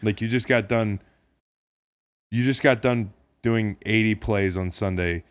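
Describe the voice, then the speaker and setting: Low-voiced joking man, dry close sound. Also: measured pace, no room sound. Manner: jokey, profane, rambling with restarts. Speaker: podcast co-host. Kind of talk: casual sports podcast chat.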